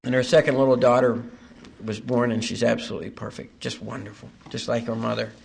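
An older man giving a personal recovery testimony at a meeting, halting with frequent fillers and wry self-deprecating humor. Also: mid-range voice, level tone, creaky, slight background noise.

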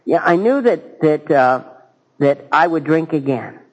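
Earnest man, slightly high voice. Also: lively intonation, low-quality recording. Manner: halting and earnest, with dry self-mocking humor. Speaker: speaker sharing his recovery story. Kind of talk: personal testimony at a recovery gathering.

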